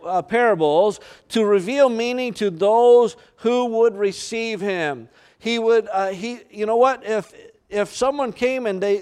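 A man preaching a sermon to his church, earnest, with frequent fillers, sometimes slowing for scripture and sometimes rushing. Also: high voice. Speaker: pastor.

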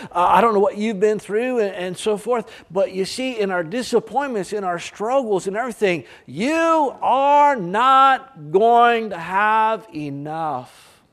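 Fervent high-voiced male preacher. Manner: fervent, swings from loud emphatic peaks to quiet low tones; halting restarts and fillers. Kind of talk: sermon.

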